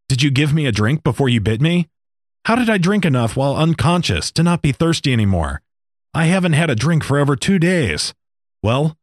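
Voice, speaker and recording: A man's voice: mid-range voice, no room sound, clean studio sound, pitched above the performer's own voice. A man voicing a parched, bewildered stranded man who fires off anxious questions.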